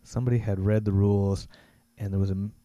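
A man's voice: fairly low pitch, flat delivery, quick pace, dark tone, no echo, dull audio. A man co-hosting a board game podcast, talking loosely and trailing off with lots of fillers. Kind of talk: casual chat.

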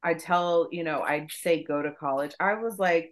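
A woman co-hosting a podcast, telling a story in casual chat, profane and animated. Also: low voice, moderate pace, few pauses. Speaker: podcast co-host.

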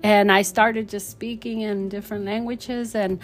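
A woman's voice: mid-range voice, measured pace, soft background music. A middle-aged woman telling a personal faith testimony in a storytelling way, acting out the voices of the people in it. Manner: animated, acts out quoted dialogue. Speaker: testimony speaker.

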